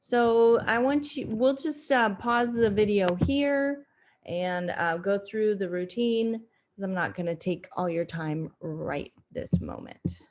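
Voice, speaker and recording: Woman teacher narrating a recorded lesson to young kids over slides. She speaks slowly and deliberately, with many "uh" fillers and restarts. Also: mid-range voice, expressive. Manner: slow, deliberate, with frequent fillers and self-corrections. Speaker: second grade teacher.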